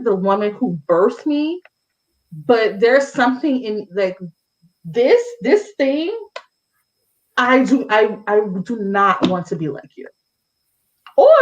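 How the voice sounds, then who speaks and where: A woman's voice: mid-range voice, poor audio. A woman host of a casual chat works her way through a question. She rambles, tries it several ways and fills gaps with um and like. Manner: rambling, many fillers, rephrases questions.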